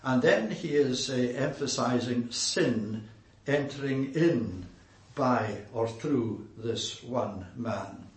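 A man preaching an expository sermon in a deliberate way, pausing often with filler sounds. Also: mid-range voice. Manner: deliberate, with frequent "uh" pauses. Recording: roomy echo.

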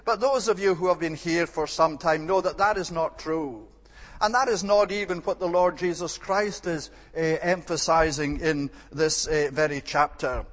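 A man preaching a sermon in an evening church service, measured and emphatic, pausing on the occasional um. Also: on the high side, a bit bright. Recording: long hall reverb.

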